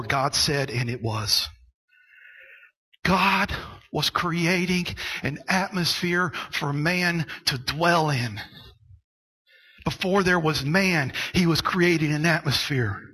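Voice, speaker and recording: A man preaching a sermon, going from quiet storytelling to loud, shouted preaching. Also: fairly high pitch, husky, rough recording. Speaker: pastor.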